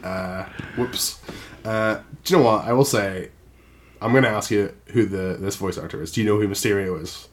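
A man with a fairly low voice riffs bluntly and casually. His speech is loose and rambling, full of filler words and swearing, like a co-host chatting about games and films. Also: moderate pace. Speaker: podcast co-host.

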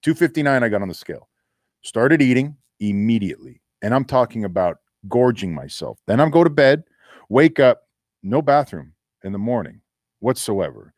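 A man's voice: medium pitch, sing-song, normal speed, a little mellow, no echo, clean studio sound. A middle-aged man, a former football player, telling a story in a casual interview and acting out the voices he quotes.

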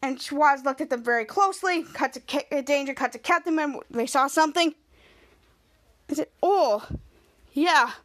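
A woman's voice: sits high, a little fast, a bit bright. A woman podcast host recapping a TV episode scene by scene, with stumbling restarts.

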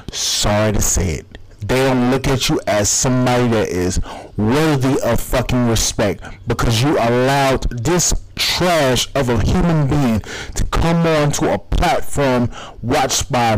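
A man's voice: mid-range voice, low-quality recording. A man from the United States, hosting a podcast and delivering a heated, profanity-laced solo rant. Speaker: podcast host.

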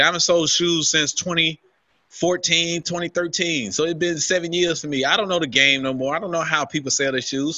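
A man's voice: a little high, no room sound, dull audio. A man co-hosting a podcast, telling a long, heavily profane rant in casual chat and acting out what people said to him. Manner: animated, swears constantly, acts out his own quotes. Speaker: podcast co-host.

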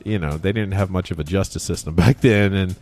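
A man's voice: low voice, fairly quick, darkish tone, soft background music. A man co-hosting a podcast, joking around while telling a story in casual chat. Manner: joking, wisecracking. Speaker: podcast co-host.

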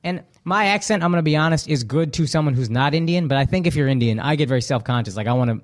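A man's voice: fairly high pitch, lively intonation. A young adult man, a guest comedian, telling candid stories in casual podcast chat. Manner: candid, storytelling, quick asides.

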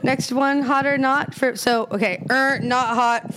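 A woman's voice: sits high, level tone, slow, noisy background. A woman hosting a casual group chat, teasing her guests and laughing often while she swears freely. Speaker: podcast host.

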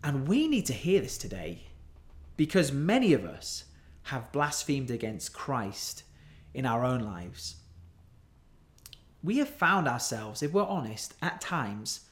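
A male preacher delivering a sermon at an unhurried pace. His pitch rises and falls widely as he leans into his points, earnestly and emphatically. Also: a bit bright.

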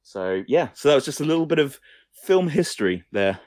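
A man's voice: on the high side, very animated, brisk, darkish tone, no room sound, studio quality. A young man co-hosting a casual film-news podcast, rambling, swearing lightly and often abandoning sentences halfway. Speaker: podcast co-host.

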